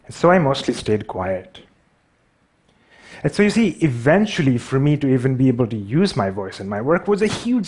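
A man's voice: mid-range voice, darkish tone, slightly rough. A man with a Pakistani accent gives a storytelling talk on stage. He pokes fun at himself in a dry, wry way, in an ordinary mid-range voice. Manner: wry, self-deprecating. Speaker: speaker.

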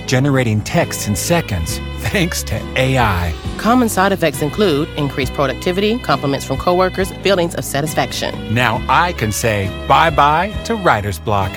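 A man voicing an ad pitchman who rattles off a rapid disclaimer over a music bed. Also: animated, close to an everyday voice. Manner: fast, bright disclaimer patter. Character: adult male pitchman in a drug-ad parody, chipper. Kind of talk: comedic ad read.

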